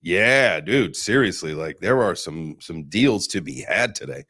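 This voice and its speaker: Deep-voiced man in loose banter. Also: animated, measured pace, bright, forceful tone, dry recording, clean studio sound. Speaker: crypto show host. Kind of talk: casual podcast chat.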